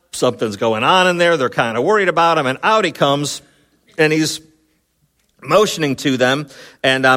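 A man preaching a sermon, retelling a Bible story in a lively, casual way with many fillers and quick voiced asides. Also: medium pitch. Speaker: pastor.

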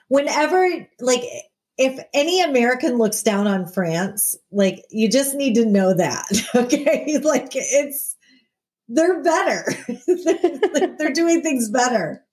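A woman in easy conversation, with a voice that sits a little on the high side. She talks in a playful, joking way, riffing and teasing as she goes. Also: slow. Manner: playful, jokey, animated with laughs. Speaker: podcast co-host. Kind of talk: casual chat.

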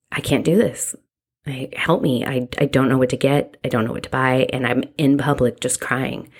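A woman, a mother, telling her own story in a candid, reflective way, halting and restarting as she goes. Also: very deep voice. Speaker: mother sharing a personal story. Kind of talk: candid personal testimony.

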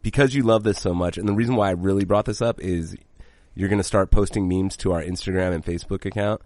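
Man, podcast co-host, animated, swears a lot, slightly low voice, dry sound. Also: quick pace, no room sound. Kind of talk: casual chat.

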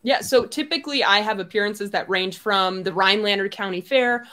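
A woman's voice: mid-range voice, sharp tone. A young woman from Wisconsin, a pageant winner being interviewed, chatting in a bubbly way and laughing often. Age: young adult. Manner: bubbly, laughs often, speaks in quick upbeat bursts. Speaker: guest, reigning Miss America. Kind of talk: casual interview chat.

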